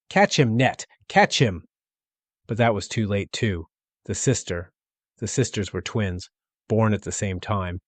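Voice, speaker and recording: A man narrating a classic short story as an audiobook, in a steady, measured reading. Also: lowish voice, no echo. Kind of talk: scripted literary narration.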